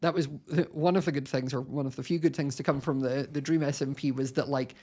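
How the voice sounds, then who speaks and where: A man's voice: mid-range voice, fairly even intonation, quick pace, a little mellow. A young man from Scotland with a Scottish accent, chatting casually as a podcast guest and rambling with lots of filler words.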